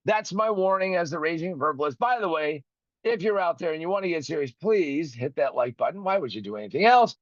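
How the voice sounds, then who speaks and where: The recording is free of room sound and catches a man with a higher-leaning voice ranting on his podcast. He curses, fumes, and performs both sides of a phone call, all while getting over a broken finger.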